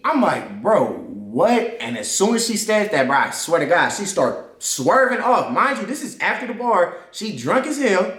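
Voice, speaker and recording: A man's voice: sits high, very animated, moderate pace, hardly any pauses, fairly bright tone. A young man animatedly telling a personal story in casual slang, leaning on "I'm like" to replay the scene. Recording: roomy echo.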